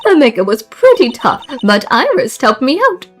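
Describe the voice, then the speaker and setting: A woman's voice: high-pitched, very animated, normal speed, soft background music, pitched above the performer's own voice. Woman doing a vain, sing-song nun. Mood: preening.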